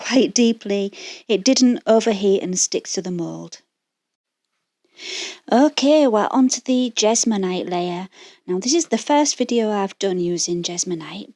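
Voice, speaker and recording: A woman's voice: medium pitch, darkish tone, no room sound, studio quality. A woman with a Yorkshire accent, chatting through a craft tutorial as voice-over in a rambling, self-deprecating way, with fillers and restarts. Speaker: resin craft channel host.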